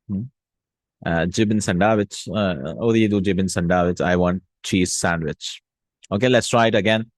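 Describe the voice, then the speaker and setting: A man teaching vocabulary in a casual lesson, repeating words slowly and checking in with "hmm?" and "no?". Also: low voice, dry recording. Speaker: Arabic teacher.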